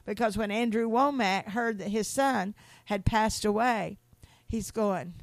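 A middle-aged woman, telling stories in a sermon, rambling and restarting, climbing high when she preaches about God. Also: a little slow, no room sound. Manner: rambling, repeats words and restarts, laughs between stories. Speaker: speaker giving a testimony talk. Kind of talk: sermon-style storytelling.

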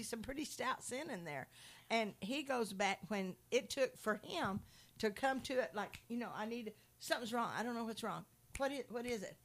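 A woman in a Christian conversation, teaching from the Bible with animated storytelling and acted-out quotes. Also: a little high. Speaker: Christian speaker.

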